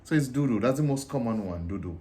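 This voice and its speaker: A man with a Dominican accent, chatting casually as a guest, explaining at length and getting animated as he talks. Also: fast, a little hiss or hum. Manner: animated, explains at length, jumps high when he gets excited. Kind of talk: casual chat comparing dialects.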